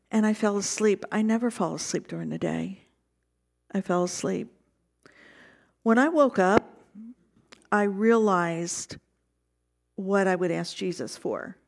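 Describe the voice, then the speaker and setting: A woman pastor preaching a sermon, reflecting on the passage and telling a personal story. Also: mid-range voice.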